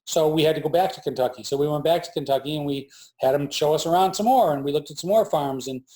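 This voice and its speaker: This fast-talking man's voice runs fairly high. In his forties, he's an entrepreneur recounting a tale during a laid-back interview from his farm, lively and imitating whoever he's quoting.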